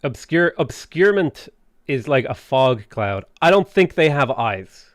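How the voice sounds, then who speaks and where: A man's voice: mid-range voice, sing-song, a little slow, no echo, clean studio sound. A man casually chatting on a livestream while gaming, rambling and swearing freely, with jokey asides to chat. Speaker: streamer.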